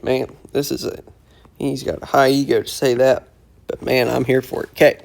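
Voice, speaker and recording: A man teaching casually, breaking phrases down slowly and repeating them word by word as he explains their meaning. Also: medium pitch, level tone, gravelly. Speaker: language teacher explaining song lyrics. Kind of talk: casual lyric breakdown lesson.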